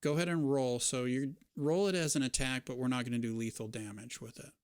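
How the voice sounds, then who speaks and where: Smooth-voiced man running a tabletop game. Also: mid-range voice, a little fast, dry recording, clean studio sound. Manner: relaxed, descriptive, with casual fillers. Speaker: game master.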